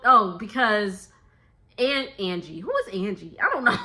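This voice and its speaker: A woman's voice: on the high side, sharp tone. A young woman chatting through a casual gossip recap, laughing often and quoting people in playful voices. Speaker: reality TV recap vlogger.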